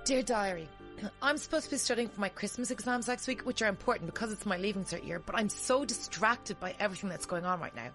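A woman reading as an excited teenage girl writing in her diary, over faint music. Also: medium pitch, quick pace, natural voice. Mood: giddy. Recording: music bed underneath.

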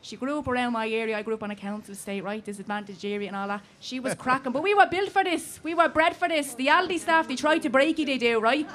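A woman's voice: high voice, quick pace, hardly any pauses, fairly bright tone. A woman with a Dublin accent delivering a punchy comic monologue, tagging her lines with "right?". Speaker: comedian guest. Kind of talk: comic monologue on live radio.

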